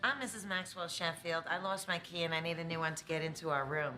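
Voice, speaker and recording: A nasal, flustered hotel guest. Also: female voice, sits low, steady tone, fast, pushed and bright. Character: chatty nasal woman checking into a hotel. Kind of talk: sitcom acting. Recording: TV clip with background music.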